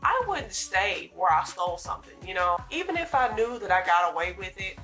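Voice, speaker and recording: A woman recounting a day at her retail job in a storytime vlog, animated and dramatic, acting out what people said. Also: mid-range voice, fairly quick, music in the background. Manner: animated, dramatic retelling with acted-out quotes. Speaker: retail store worker.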